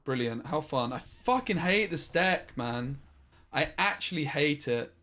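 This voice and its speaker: A man's voice: on the high side, expressive, a little slow, pushed and bright. A man streaming a card game, thinking aloud in a frustrated way and swearing often. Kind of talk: live-streamed gameplay commentary.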